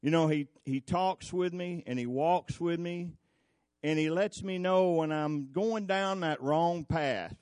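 A man's voice: a little high, unhurried, a little mellow, no room sound, clean studio sound. A man preaching a folksy, conversational sermon, telling stories and asking the congregation questions.

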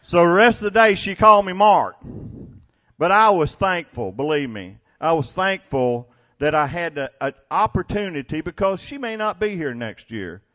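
A man's voice: high-pitched, lively intonation, normal speed, fairly bright tone, highs cut off. A man, preaching a sermon to his congregation in a folksy, storytelling way, often laughing and restarting his words. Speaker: pastor. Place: church before a congregation.

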